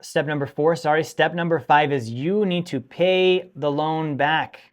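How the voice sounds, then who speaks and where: Man, finance show host, higher-pitched voice, emphatic, scolding, repeats himself for stress. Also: unhurried. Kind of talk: direct-to-camera teaching monologue.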